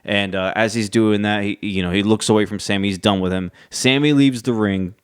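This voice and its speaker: A man's voice: on the low side, a little fast, clear, resonant tone, no echo, clean studio sound. A man casually recapping a wrestling show, chatty, with many fillers and restarts. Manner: chatty, acts out quotes in lively voices.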